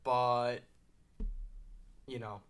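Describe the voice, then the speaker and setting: A man hosting casual fantasy football commentary, thinking aloud with fillers and quick asides while drafting at his computer. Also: medium pitch, level tone, clean tone. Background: mouse clicking.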